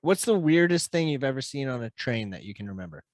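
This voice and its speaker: A man's voice: mid-range voice, very animated, quick pace, no room sound. A man hosting a podcast, asking the guest questions in an easygoing, casual way. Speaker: podcast host.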